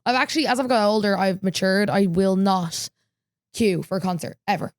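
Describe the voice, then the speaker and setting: A woman's voice: mid-range voice, a little fast, dry recording, clean studio sound. Chatty woman podcast host. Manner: chatty storytelling, filler-heavy, quotes herself. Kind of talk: casual chat.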